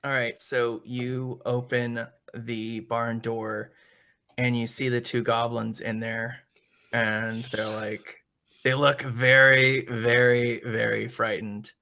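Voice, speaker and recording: A man's voice: medium pitch, level tone, takes it slowly, bright, forceful tone. A man running a tabletop role-playing game as game master, narrating hesitantly with many restarts. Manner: hesitant, restarts, slips into character voices.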